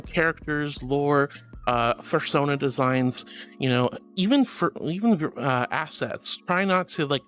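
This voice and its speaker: High and a bit bright, the man's voice carries a casual livestream where he reads chat aloud. Chatty, apologetic and self-admittedly a yapper, he calls his viewers sweetie and honey.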